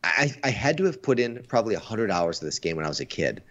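With a fairly low but slightly bright voice, this stream co-host from the United States talks fast, his pitch swinging widely. Streaming from Asia, he chats excitedly about films and games, frequently starting his words over. The audio is dull and lo-fi.

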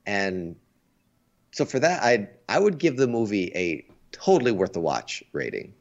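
A man with a very low voice chats eagerly on a stream, stumbling and restarting his words as he gets going. The sound is dull and lo-fi. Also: sing-song, unhurried. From United States. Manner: enthusiastic, restarts words often. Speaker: stream co-host. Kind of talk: casual chat. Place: Asia.

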